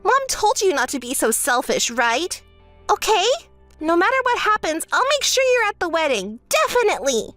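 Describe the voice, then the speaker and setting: A woman's voice: very animated, moderate pace, fairly bright tone, faint music behind, exaggerated voice. A woman voicing a spoiled, self-centered young bride who bosses her sister around, in a texting-story voice-over. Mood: smug. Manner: whiny, bossy, shrill when angry.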